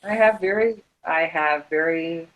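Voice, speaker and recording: A woman's voice: low-pitched, measured pace, poor audio. A woman co-hosting a writers' podcast in a casual chat, talkative and given to fillers and laughter. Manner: chatty, laughs often, hesitant fillers. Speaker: podcast co-host.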